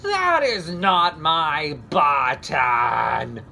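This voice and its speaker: A man voicing a fussy, grumpy male toad in a children's storybook read-aloud, slow and emphatic. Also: mid-range voice, sing-song, sharp tone, slight background noise. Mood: frustrated. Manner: whiny, indignant, slow and emphatic.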